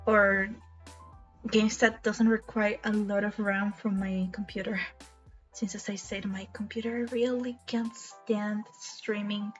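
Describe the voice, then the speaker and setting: A young woman streaming live, chatting earnestly and emotionally with small laughs and many restarts. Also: medium pitch. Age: young adult. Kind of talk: casual live-stream chat. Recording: slightly dull lo-fi stream audio.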